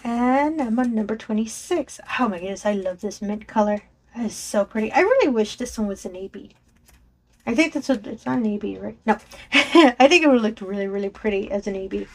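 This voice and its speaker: Brief: woman crafting vlogger, voice on the higher side, bubbly and rambling, laughs a lot, talks into a desk mic. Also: animated, fairly quick. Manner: chatty and enthusiastic, frequent laughs and self-corrections. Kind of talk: casual chat while sorting craft supplies. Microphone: desk microphone below a raised camera.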